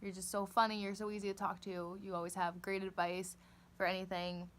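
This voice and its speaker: A woman's voice: mid-range voice, flat delivery, a little fast, a little hiss or hum. A young woman recording a sincere, easygoing farewell message to a friend. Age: young adult.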